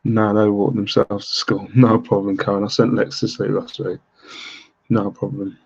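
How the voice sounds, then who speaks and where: A British man hosting a late-night live stream from home, talking quietly so he won't wake his kids, rambling casually with fillers and little laughs. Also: on the low side, flat delivery, moderate pace, gravelly, slightly rough, dull audio. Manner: rambling, with many fillers and self-deprecating laughs. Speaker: live stream host reselling items online. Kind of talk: casual live-stream chat while reading viewer comments.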